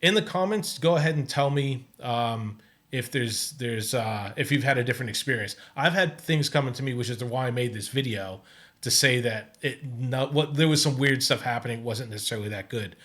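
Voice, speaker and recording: A man's voice: medium pitch, fairly bright tone. A man hosting his own video, thinking aloud in casual commentary with many stops and restarts. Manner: halting, many restarts and fillers. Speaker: host testing an AI music tool. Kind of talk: casual screen-recorded commentary.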